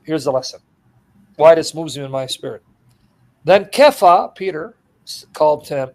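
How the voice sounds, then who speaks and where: An animated male preacher with a high voice works through an expository sermon at a moderate pace, leaving long pauses. He laughs, performs the scenes he retells, and moves between loud, excited bursts and quiet asides.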